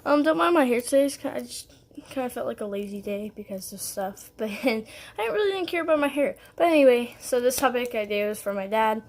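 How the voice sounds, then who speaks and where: A young woman vlogs straight to her viewers, telling a story in a loose, rambling way. Her voice sits a little high, and she fills it with "like," "um" and small giggles. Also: animated, brisk. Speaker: vlogger. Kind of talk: casual storytelling to camera.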